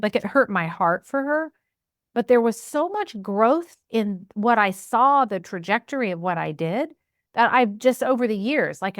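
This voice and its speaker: A woman business coach with a medium-pitched voice tells stories and gives advice in a casual, animated way, acting out her own inner voice and quoting what others said. The audio is studio quality with no echo.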